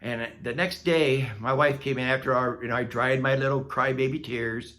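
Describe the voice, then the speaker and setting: A man's voice: medium pitch, fairly even intonation, normal speed, a bit bright. A man vlogging a personal story in a casual, candid way, laughing at himself as he goes. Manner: candid and self-mocking, laughing at his own misery.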